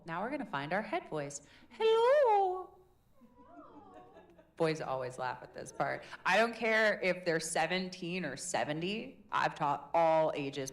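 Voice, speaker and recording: A woman coaches a group through a live public speaking workshop, chatty and demonstrative. Her voice sits a little low. She keeps things encouraging. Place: meetup room in a tech hub.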